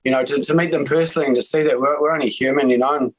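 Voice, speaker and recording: A man's voice: medium pitch, steady tone, rapid-fire, rough recording. A man chatting in a friendly way over a video call. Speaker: interviewee. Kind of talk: casual chat.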